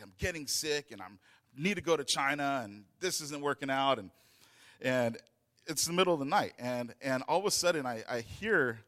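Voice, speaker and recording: A man's voice: medium pitch, fairly bright tone. A man telling a personal story in a loose, rambling way, with many fillers and restarts. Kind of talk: casual storytelling.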